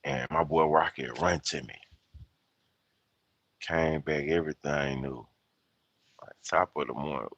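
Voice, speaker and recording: A man's voice: rumbling low, fairly even intonation, a little slow, pauses often, fairly bright tone, no room sound. A man in his fifties with a Memphis accent, chatting loosely on a livestream, rambling, swearing and laughing at himself. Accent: Southern US, Memphis. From United States. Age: 50s. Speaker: livestream host. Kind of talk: casual livestream chat.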